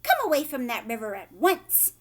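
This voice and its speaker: A woman's voice: sits high, huge pitch swings, moderate pace, fairly bright tone, full character voice. A woman voicing a frantic, screaming mother in a children's story read-aloud. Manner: screaming, panicky. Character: shrill frantic mother, umbrella-waving.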